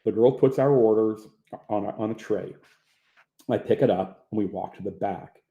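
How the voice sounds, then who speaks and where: A man narrating his own memoir as an audiobook in a plain, low-key manner. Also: moderate pace, narrow, tinny audio. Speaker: author reading his own book.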